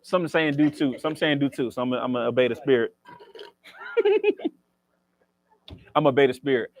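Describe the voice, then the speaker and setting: A man's voice: mid-range voice, steady tone, rapid-fire. Man performing spoken word poetry. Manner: rhythmic, preacher-like cadence; joking banter with the audience. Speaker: featured poet. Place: library reading event.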